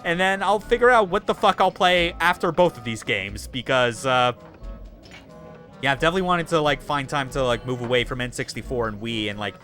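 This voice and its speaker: Bright-voiced young man chatting on stream. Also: medium pitch, a little fast, faint music behind. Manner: laughs often, swears freely. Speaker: streamer host. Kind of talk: casual stream chat.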